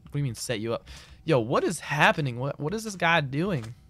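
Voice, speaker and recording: A man's voice: a little high, very animated, fairly quick, pushed and bright. A man streaming a game, chatting casually in a loose, slangy, rambling way as he answers his chat. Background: keyboard clicks and typing.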